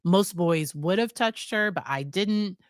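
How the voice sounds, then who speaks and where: A woman's voice: lowish voice, expressive, a little slow, no echo, studio quality. An American woman psychologist casually recapping a series, chatty, with fillers and quoted lines. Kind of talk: casual spoken review.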